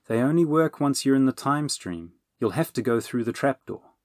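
A man voicing an impatient, bossy woman inventor who talks in a sharp, commanding way. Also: mid-range voice, expressive, normal speed, dry recording, studio quality, voice pushed up, close to an everyday voice. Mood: brisk.

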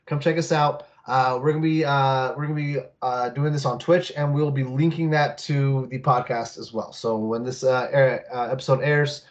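A man hosting a casual sports podcast, rambling with lots of fillers and quick laughs. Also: medium pitch, steady tone. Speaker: podcast host. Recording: slightly muffled mic.

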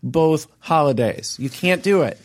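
A man's voice: fairly high pitch, animated, unhurried. A man co-hosting a comedy podcast, teasing his partner and driving his points home emphatically. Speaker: podcast co-host. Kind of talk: casual comedic chat.

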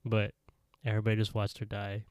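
A man with a lowish voice recaps an episode for his podcast, telling it in an animated way and laughing often. The sound is dry and close, with no room around it. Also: quick pace, clean tone, no room sound. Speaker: podcast co-host. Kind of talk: casual chat recapping an anime episode.

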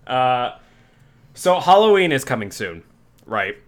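A man's voice: mid-range voice, very animated, unhurried. A young man hosting a casual chat show, telling a rambling, profanity-laced story with many restarts. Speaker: podcast host.

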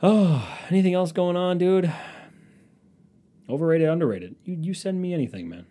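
A man's voice: sits high, expressive, moderate pace, dark tone. A man rambling casually as a podcast host, sarcastic and profane. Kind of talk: casual chat.

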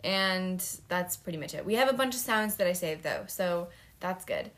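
A woman's voice: lowish voice, animated, normal speed, fairly bright tone. A young woman co-hosting a podcast in casual chat, rambling with lots of fillers and giggles. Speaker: podcast co-host.

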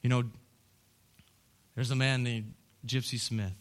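A man preaching a sermon as pastor, moving from hushed, low storytelling to loud, rising calls. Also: little pitch movement, slow.

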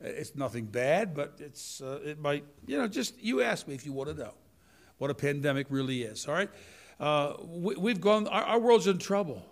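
An older man delivering a church sermon with a somewhat high voice. He preaches in a folksy, animated manner, swinging from quiet asides to loud declarations. He often turns straight to the congregation. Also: moderate pace.

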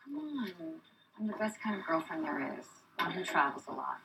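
A woman's voice: on the low side, very animated, normal speed, pushed and bright, a little hiss or hum, exaggerated voice. An actress playing a self-assured, stubborn woman scientist who coaxes and reproaches her partner, heard as film audio from a distance. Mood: coaxing.

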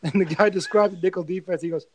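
Guy hosting a sports podcast, kinda high voice, cusses a lot, animated. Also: fast talker, slight background noise, poor audio. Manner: profane, animated storytelling. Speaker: podcast host. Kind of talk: casual sports podcast chat.

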